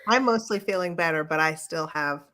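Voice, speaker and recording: A woman's voice: on the low side, a little fast, noisy background. A woman co-hosting a casual livestream chat who laughs often and sounds a little tired. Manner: laughs often, warm responder. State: tired from covid fatigue. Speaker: co-host.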